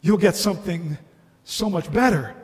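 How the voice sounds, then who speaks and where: A preacher as a gentle heavenly spirit. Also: male voice, high voice, moderate pace, in a large hall, close to an everyday voice.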